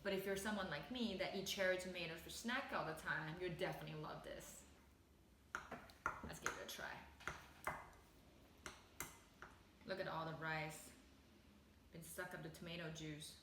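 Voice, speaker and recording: A woman's voice: fairly low pitch, steady tone, a little fast, background noise. A woman hosting her own cooking channel, chatting instructively and drawing out words as she teaches a recipe and some vocabulary. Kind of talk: cooking video and language lesson. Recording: echoey room with faint ambience.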